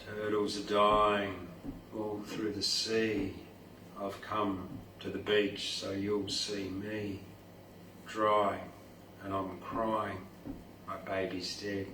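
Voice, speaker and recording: A grieving young sea turtle pleads with the humans, slow and sorrowful , as a man reads it out at a poetry night. The voice sits low and drags along, caught by a mic set well back in an echoey room with a faint hiss. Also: fairly even intonation, a bit bright. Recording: roomy distant mic, faint noise.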